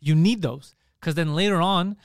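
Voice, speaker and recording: A man's voice: on the high side, moderate pace, smooth, dry recording, clean studio sound. A man talking as a podcast host in a casual chat, telling stories animatedly and acting out other people's lines, swearing freely.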